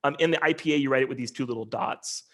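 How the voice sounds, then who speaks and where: A man's voice: medium pitch, quick pace. A man, a linguistics professor, giving an online lecture in an explanatory way, with frequent ums and restarts as he walks through slides.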